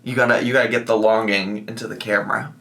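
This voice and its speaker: A young man reacting to a video in casual, rambling commentary. His voice is bright and forceful, and he swears freely and laughs often. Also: on the low side, fairly even intonation, quick pace, slight background noise.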